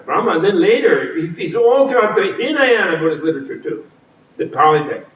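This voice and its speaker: A man's voice: high-pitched, big pitch swings, fairly quick, a bit bright. A man giving a humorous talk as a teacher, with playful storytelling and frequent laughter, at a retreat center hall. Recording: roomy, from a distance.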